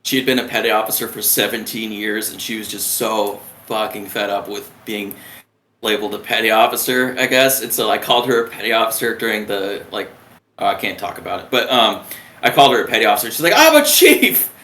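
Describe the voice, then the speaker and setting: Quick-paced and fairly even in intonation, a man with a fairly low, pushed, bright voice recounts his experiences as a submariner. He's in his twenties, an interview guest whose casual storytelling wanders with fillers and restarts. Expect room echo and a little background noise.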